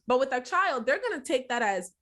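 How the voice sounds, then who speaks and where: A woman's voice: sits high, very animated, brisk, a bit bright. Reflective, laughing mother on a podcast. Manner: reflective storyteller who acts out quotes and laughs easily. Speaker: podcast co-host. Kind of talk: casual chat.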